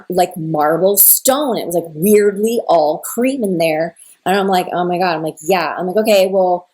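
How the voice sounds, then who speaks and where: A spiritual content creator, a young woman with a lowish, darkish voice, tells a personal story in a rambling, casual way. She says "like" constantly and emotionally retells a conversation.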